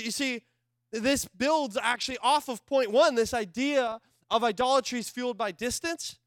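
High-voiced animated male pastor preaching. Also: no echo, studio quality. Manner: animated, conversational, swings from loud to hushed. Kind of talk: sermon.

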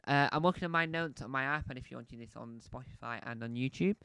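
A man talks through a film review in a loose, rambling way, full of restarts and side tracks. His voice is smooth and resonant at a middle pitch. The sound is close and dry. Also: fast talker, sharp tone, no echo. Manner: rambling, chatty, with many restarts and asides.

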